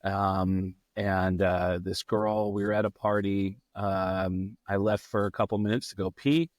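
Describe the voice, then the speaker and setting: A middle-aged man, a comedian guest on a podcast, telling a long casual anecdote in a profane, animated way and acting out what other people said. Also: low-pitched, a little slow, no room sound, studio quality.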